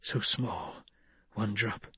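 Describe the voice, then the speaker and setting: A man's voice: fairly low pitch, very slow, husky, no room sound, heavily acted. A man reading as a weak young man. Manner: weak but steady.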